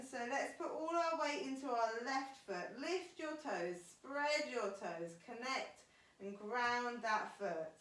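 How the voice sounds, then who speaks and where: Female yoga teacher, brightish voice, calls cues across an echoey room. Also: a little high, recorded from a distance. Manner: encouraging, cueing breath step by step. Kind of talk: guiding a live yoga class.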